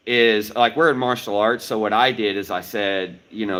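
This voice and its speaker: A man's voice: fairly low pitch, animated, fairly quick, few pauses, fairly bright tone, low-quality recording. A middle-aged man, a martial arts instructor, explaining step by step in a livestreamed talk and checking in with "right?" as he goes. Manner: explanatory, repeats key points with "right?".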